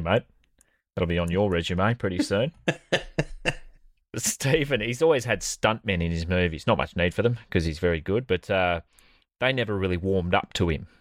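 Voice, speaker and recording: Man, deep, sardonic podcast co-host, dry close sound. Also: no echo. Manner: sardonic, profane storytelling. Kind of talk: comedic podcast banter.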